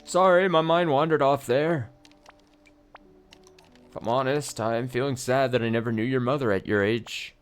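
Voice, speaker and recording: A man voicing a gentle, wistful old grandfather. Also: medium pitch, moderate pace, pauses often, clean tone, soft background music, pitched above the performer's own voice, close to an everyday voice. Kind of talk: reading game dialogue aloud.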